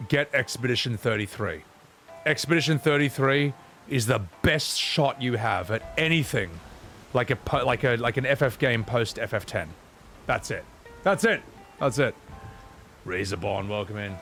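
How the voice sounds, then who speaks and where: A man streaming a game, chatting casually with his viewers in animated, joking, self-deprecating rants. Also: mid-range voice.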